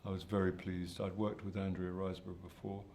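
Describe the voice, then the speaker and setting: An older man, an actor, gives press junket answers in a low, slightly mellow voice with flat delivery at a fairly quick pace. He comes across hesitant and self-deprecating with many restarts, over slight background noise.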